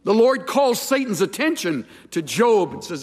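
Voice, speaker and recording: A man preaching a sermon with a measured, emphatic pulpit delivery. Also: high-pitched, very animated, husky, in a large hall.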